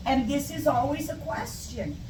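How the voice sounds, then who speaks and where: A woman's voice: high-pitched, moderate pace. A woman teaching English to Spanish speakers in a chatty live lesson, wandering into tangents and repeating example questions, recorded with static. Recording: static, echoey, mic far off.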